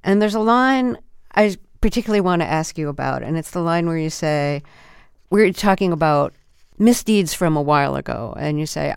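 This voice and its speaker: A woman radio host speaking into a close studio microphone. Her voice is very crisp and completely dry, with no room at all, and she frames each question in a measured, precise way. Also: lowish voice, lively intonation, darkish tone, no echo. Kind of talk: radio interview.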